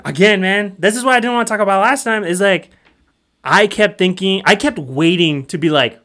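A man talking casually as a podcast host, lively and quick with asides, his voice sitting fairly high for a man. He swears freely and reacts with big enthusiasm. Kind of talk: casual chat.

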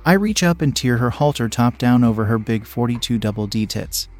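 A young man narrating an adult story in first person, reading in a low, steady, unhurried way. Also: faint music behind.

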